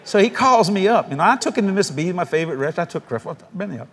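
In a large hall, a man races through a storytelling sermon in a high-pitched voice, laughing as he goes and mimicking other people's voices with animated energy.

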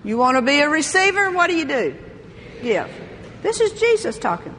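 Older lady preaching, high bright voice, laughs a lot, big reverb hall. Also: normal speed, a little hiss or hum. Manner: lively, laughs often, exclaims hallelujah. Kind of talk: sermon.

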